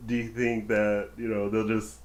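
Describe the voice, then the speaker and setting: A man's voice: lowish voice, little pitch movement, moderate pace, roomy sound, a little hiss or hum, low-quality recording. A man co-hosting a casual podcast chat, musing loosely with plenty of fillers. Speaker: podcast co-host.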